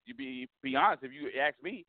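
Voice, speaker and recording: A man's voice: mid-range voice, animated, fairly quick, dry recording, phone-quality sound. A man, a comedian calling into a radio show, speaking emphatically and repeating himself as he makes his points in street slang. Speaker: comedian guest. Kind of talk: phone interview.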